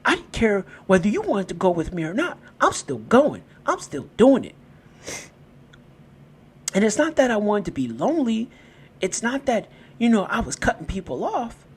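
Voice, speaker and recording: Husky-voiced man giving a motivational talk. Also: high voice, wildly swooping pitch, moderate pace. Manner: conversational, repeats and restarts phrases while telling stories. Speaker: podcast host.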